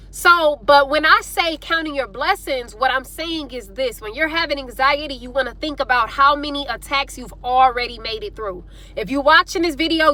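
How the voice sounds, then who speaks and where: A woman's voice: sits high, pushed and bright. A young woman giving casual faith-based advice to her viewers in a chatty, informal way. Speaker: vlogger.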